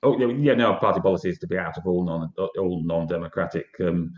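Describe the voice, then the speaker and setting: A man with a British accent, a party guest in an interview, talking earnestly and quickly with many restarts. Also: sits low. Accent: British English. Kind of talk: conversational interview. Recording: echoey, dull lo-fi audio.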